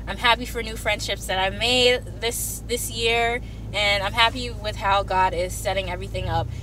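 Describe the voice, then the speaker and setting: A woman's voice: mid-range voice, a bit bright, slight background noise. A young woman vlogging casually to her camera from her parked car, chatty and heartfelt with many ums and likes. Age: young adult. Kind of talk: casual vlog talk to camera. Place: parked car in a parking deck.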